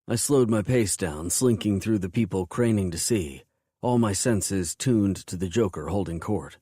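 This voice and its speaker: Man, audiobook narrator, low voice, intense, measured, dry. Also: dark tone, breathy edge, dry recording. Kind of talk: first-person romance audiobook narration.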